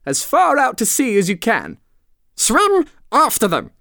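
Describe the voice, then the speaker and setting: A reader voicing a boisterous male Gryphon in a storybook, yelling in a high voice. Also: moderate pace, dry recording, studio quality, close to an everyday voice.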